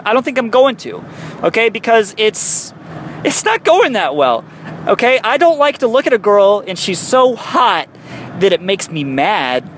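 A man's voice: high voice, fairly bright tone, slight background noise. A young man doing a rambling, profane comic monologue from his car, mocking himself as he goes. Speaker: comedian. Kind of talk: comic monologue recorded while driving. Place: in a car on a highway.

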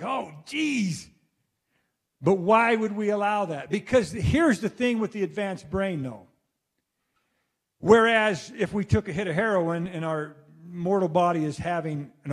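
A man delivering a rambling spoken monologue to listeners, animated and swearing freely, acting out exclamations as he goes. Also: on the high side. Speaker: speaker addressing his listeners.

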